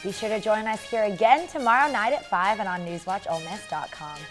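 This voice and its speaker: A woman's voice: medium pitch, a little fast, over music. A young woman co-anchoring a student newscast in a light, chatty way. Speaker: news anchor.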